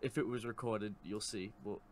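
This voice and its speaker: A man's voice: lowish voice, steady tone, normal speed, a little hiss or hum. A man co-hosting a podcast in casual chat, teasing and dry. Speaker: podcast co-host.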